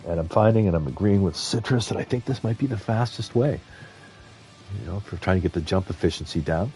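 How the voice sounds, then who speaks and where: A man streams a video game with casual, rambling commentary and frequent chuckles. His voice sits low with a dark tone and a brisk pace, and faint music plays behind him.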